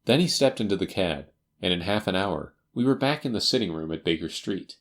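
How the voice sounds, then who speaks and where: A man narrating a classic detective story for an audiobook in a measured, expressive manner. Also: low voice. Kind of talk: scripted narration.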